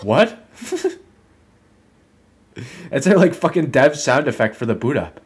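A man's voice: mid-range voice, big pitch swings, slow pace, breathy edge. A man doing casual gameplay commentary, rambling and swearing, with a lot of laughing and "like" fillers. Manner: rambling, swears often, fills with "like"; laughs often while talking. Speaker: gaming video host. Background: game music.

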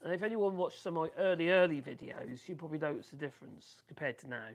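A man with a Norfolk accent and a raspy, coarse voice, rambling casually on a live stream and reading out viewer comments. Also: on the high side, quick pace. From Norfolk, England. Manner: rambling and chatty, many ums and restarts. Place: home workshop.

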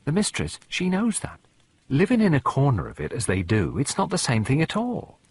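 A man's voice: medium pitch, huge pitch swings, normal speed, husky, pitched above the performer's own voice, heavily acted. A man doing a chatty homely old cook woman. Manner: rambling, confiding, fond of old ways.

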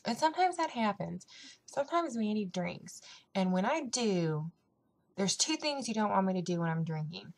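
A woman's voice: mid-range voice, lively intonation, normal speed. A young woman chatting casually on her vlog, rambling with lots of fillers. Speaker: vlogger. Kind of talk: casual weight-loss vlog chat.

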